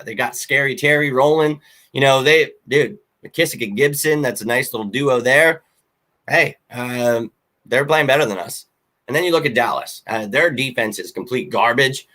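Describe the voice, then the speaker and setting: Male sports show host, casual and blunt, bright forceful tone, fan rant delivery. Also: medium pitch. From Philadelphia. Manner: blunt, animated fan rant with frequent fillers.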